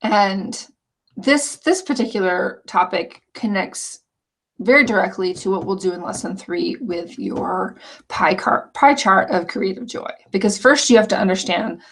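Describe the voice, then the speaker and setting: A woman teaching an online scrapbooking course, walking through the lessons in an earnest, chatty way with frequent restarts. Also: medium pitch. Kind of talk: casual walkthrough of course lessons.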